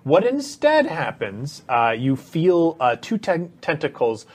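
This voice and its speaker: A man narrating combat as game master of a tabletop game, playful and relaxed. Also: a little high, slow pace, breathy edge.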